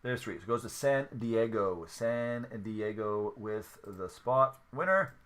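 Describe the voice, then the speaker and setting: A man's voice: on the low side, expressive, measured pace, a bit bright, clean tone. A man hosting a sports card break livestream, talking casually, counting steps aloud and apologizing for slip-ups. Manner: chatty, apologetic self-corrections, counts aloud.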